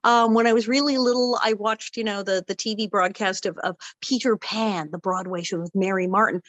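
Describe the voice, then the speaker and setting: A middle-aged woman telling stories as a guest in a casual interview, animated and acting out the voices she quotes. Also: mid-range voice, a little fast, no room sound, rough recording. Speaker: guest actress.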